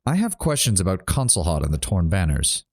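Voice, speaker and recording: A man's voice: deep voice, wildly swooping pitch, fairly quick. A man streaming a role-playing game, chatting casually and reading game dialogue aloud.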